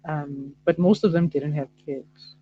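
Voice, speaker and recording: A woman's voice: low voice, steady tone, unhurried, phone-quality sound, a little hiss or hum. A woman calling in as a guest, debating casually and hesitantly, with plenty of fillers. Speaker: call-in guest.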